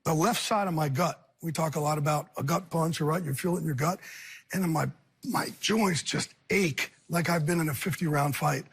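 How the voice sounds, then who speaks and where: Husky, high-voiced man speaking earnestly. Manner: earnest and intense, talks in rushing bursts. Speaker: talk show guest. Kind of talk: candid talk show interview.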